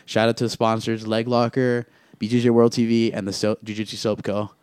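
A man's voice: on the low side, level tone, fairly quick, darkish tone, smooth, no echo, clean studio sound. A young man hosting a casual chat, laid-back and slangy, often calling others "bro" and "man". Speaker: podcast host.

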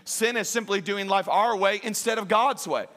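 A man with a high, bright voice preaches with a lilt. He pushes hard into loud, emphatic peaks, then drops to soft, joking asides with his congregation. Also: normal speed. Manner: emphatic, rises to near-shouting peaks and drops to quiet asides; jokes with the congregation. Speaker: pastor. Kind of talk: sermon.

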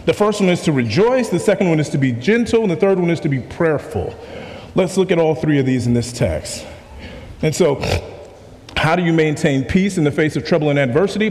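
A man's voice: a little high, a little mellow, in a large hall. A pastor preaching a sermon to his congregation, emphatic, repeating key questions and asking the room to respond.

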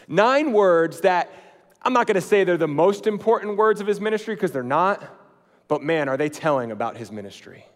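A man's voice: sits high, expressive. Man preaching in a reverberant hall. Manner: swings between loud emphatic lines and quiet, slow, hushed ones; conversational, with fillers and restarts. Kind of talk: sermon.

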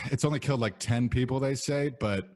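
A man's voice: medium pitch, moderate pace, a little mellow. Profane rambling man in casual chat. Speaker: podcast co-host.

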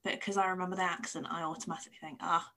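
A woman's voice: lowish voice, steady tone, very fast, a bit bright. Chatty English woman hosting. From England. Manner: chatty, laughs often, hesitant restarts. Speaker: podcast host. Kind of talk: casual interview chat.

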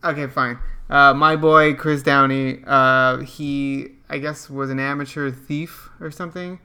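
A man's voice: mid-range voice, fairly even intonation, a little slow, pushed and bright, clean tone. A young man co-hosting a podcast, in laid-back casual banter with some slang. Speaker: podcast co-host. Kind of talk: casual chat.

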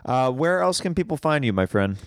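A man's voice: mid-range voice, sing-song, fairly quick, clean tone, no echo, studio quality. A man hosting a podcast, chatting in an upbeat, friendly bro-ish way with his guest. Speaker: podcast host. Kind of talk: casual podcast chat.

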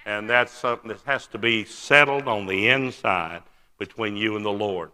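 An older man preaches a personal testimony in a large church sanctuary, his voice sharp and very bright, though on the low side and clean in tone. He speaks earnestly with frequent "uh" pauses, and his words ring out with a long reverb through the big hall.

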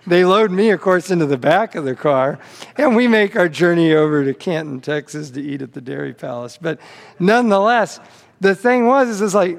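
A man's voice: sits high, a little fast, gravelly, in a large hall. A man pastor delivering a sermon, telling a story with frequent repeated words on restarts.

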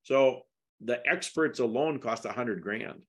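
Speaking with a breathy edge in a mid-range voice at a measured pace, a middle-aged man discusses a lawsuit as a podcast guest. The interview is casual, but he becomes emphatic and poses indignant questions.

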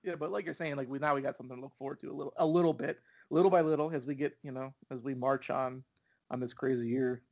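A man's voice: mid-range voice, fairly even intonation, fast talker, creaky, darkish tone. Easygoing man co-hosting a soccer podcast. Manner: easygoing, agreeable, many fillers. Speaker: podcast co-host. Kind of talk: casual soccer chat.

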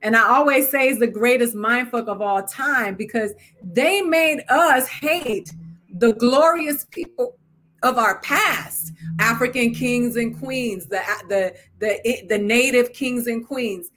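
A woman hosting a casual comedy podcast, blunt and heavy on profanity. She sounds impassioned, with a voice on the higher side. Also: takes it slowly, a bit bright. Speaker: podcast host.

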